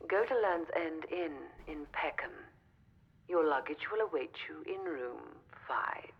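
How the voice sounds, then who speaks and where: An actress voicing a mysterious woman who gives secret orders in a hushed, husky voice, heard as dull lo-fi game audio. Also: sits low, lively intonation, a little slow, exaggerated voice. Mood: secretive.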